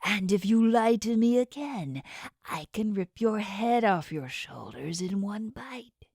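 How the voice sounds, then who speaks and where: A woman's voice: fairly low pitch, animated, slow pace, mellow, dry recording, studio quality. A woman voicing a menacing inhuman male boss with shark teeth, talking down coldly and threateningly in an audiobook. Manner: cold, threatening, condescending. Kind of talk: audiobook character voice.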